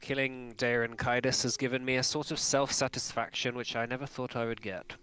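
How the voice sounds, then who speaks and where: A man voicing a huge, old clockwork dragon who speaks in a formal, measured way while grieving a lost mate. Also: medium pitch, flat delivery, pushed and bright, clear, resonant tone, lightly acted. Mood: solemn.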